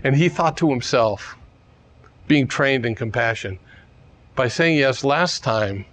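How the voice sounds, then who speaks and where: A man's voice: medium pitch, takes it slowly, a bit bright. A man telling a teaching story in a casual, digressive way with chuckling asides. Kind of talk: storytelling dharma talk.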